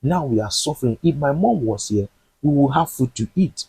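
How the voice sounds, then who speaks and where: A man's voice: medium pitch, expressive, normal speed, vocal fry, dark tone, slightly rough, no echo, full character voice. A man voicing an angry son who blames his stepmother for the family's troubles. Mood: accusing. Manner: accusing, heated.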